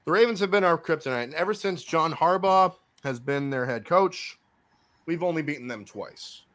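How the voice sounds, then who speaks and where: A man hosting a casual podcast, giving his football picks and swinging between loud remarks and muttered asides. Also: on the high side, animated, normal speed. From Miami Dolphins fan. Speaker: podcast host. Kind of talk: casual sports picks chat.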